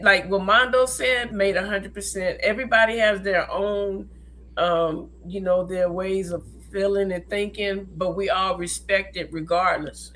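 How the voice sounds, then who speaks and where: A woman's voice: lowish voice, fairly bright tone, a little hiss or hum. A woman co-hosting a livestream, talking emphatically and laughing easily in casual chat. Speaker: co-host.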